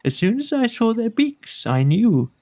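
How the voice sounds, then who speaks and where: A man voicing a gentle, simple-minded toy bear in a slow, agreeable way. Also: very high-pitched, very animated, vocal fry, pitched above the performer's own voice, full character voice.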